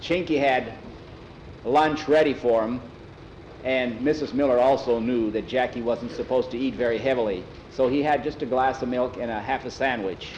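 A man telling a story aloud in a plain, unhurried way, acting out the dialogue. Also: medium pitch, a little mellow, muffled recording, a little hiss or hum. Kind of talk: casual oral storytelling.

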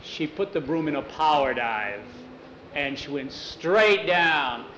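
Man, storyteller, animated, fairly high voice, echoey room. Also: slow pace, heavy background noise. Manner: lively, expressive. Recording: echoey room with faint ambience.

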